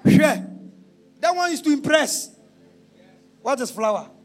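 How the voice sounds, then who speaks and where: A man preaching a sermon, shouting and half-singing, then dropping to a low confiding tone. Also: animated, measured pace.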